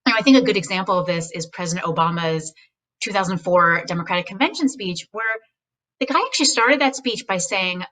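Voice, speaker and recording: A woman speaking as a guest, giving casual, animated advice on speechwriting and mimicking voices now and then. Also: medium pitch, fairly quick, distant mic, low-quality recording. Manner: animated, acts out quoted voices, speaks frankly.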